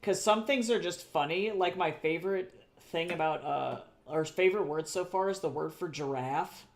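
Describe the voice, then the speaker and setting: A chatty, rambling streamer talks casually while drawing at home. The voice sits at an everyday middle pitch and wanders through self-corrections and repeated phrases. Casual swearing slips in along the way. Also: normal speed. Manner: swears casually and laughs at own jokes. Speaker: artist streaming live commission work.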